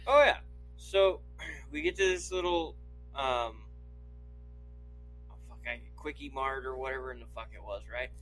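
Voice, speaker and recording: A man's voice: medium pitch, a little slow, long pauses, a bit bright, faint music behind, low-quality recording. A man from Idaho telling a long story on a podcast, swearing often and laughing as he goes. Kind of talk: casual anecdote telling.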